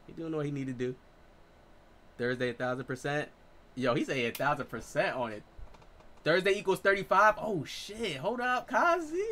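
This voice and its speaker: Excitable man in his late twenties, trash-talking. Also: mid-range voice. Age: 20s. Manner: excitable, profane trash talk. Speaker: gaming streamer. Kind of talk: live gameplay commentary.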